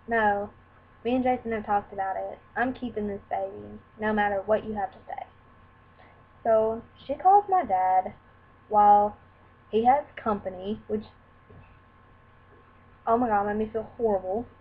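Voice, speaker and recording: A young woman tells a personal story to camera in a candid, rambling way, acting out what others said. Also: mid-range voice. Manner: candid, rambling, acts out quoted dialogue. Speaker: vlogger. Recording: tinny lo-fi sound with faint hiss.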